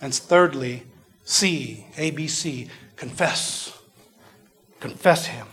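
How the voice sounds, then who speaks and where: A man preaching a sermon in a church, earnest and repetitive, falling to a near whisper before swelling loud again. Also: mid-range voice, slow pace. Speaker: pastor. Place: church service.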